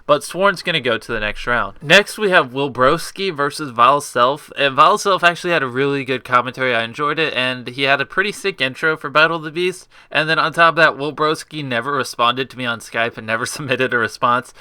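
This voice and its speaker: Young male host, rambling and upbeat, crisp bright tone, dry home mic. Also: mid-range voice, brisk, few pauses, dry recording. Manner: rambling, filler-heavy, upbeat. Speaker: contest host judging entries. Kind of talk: casual spoken critique.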